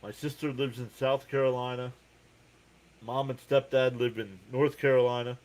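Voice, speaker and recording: A man with a New Jersey accent hosts a live baseball reaction stream. He calls each pitch and the count in a casual, chatty way. Between plays he reads out viewers' messages and answers them. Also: fairly even intonation, normal speed, darkish tone. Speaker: live sports reaction host. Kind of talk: live baseball play-by-play and chat.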